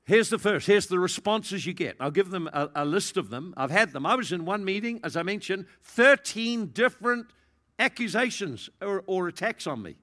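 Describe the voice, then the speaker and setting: A man preaching a sermon, acting out the people he describes and swinging between loud and soft. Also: normal speed. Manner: animated, acts out quoted voices, big swings in pitch and loudness. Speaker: pastor.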